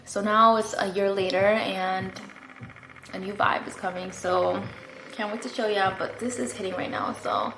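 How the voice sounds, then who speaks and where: A woman's voice: medium pitch, expressive, normal speed, vocal fry, noisy background. Chatty young woman in an echoey room. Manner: chatty, rambling, lots of fillers and "like". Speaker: vlogger. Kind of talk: casual story-time chat. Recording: echoey room, faint ambience.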